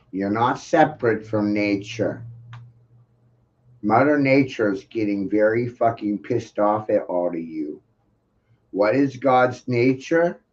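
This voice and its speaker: A man's voice: lowish voice, muffled recording. A man ranting in an intense, profane monologue full of rhetorical questions.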